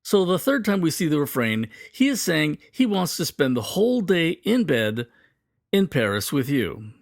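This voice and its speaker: A man teaching a poetry lesson, explaining clearly and reading quoted lines slowly and dramatically. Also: on the high side, sing-song, dry recording, studio quality.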